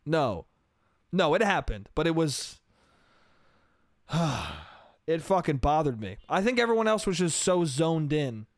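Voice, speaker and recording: A man's voice: on the high side, sing-song, slow, long pauses, dry recording, studio quality. A young adult man hosting a solo podcast, telling a story in a profane, exasperated rant with mocking asides. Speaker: podcast host.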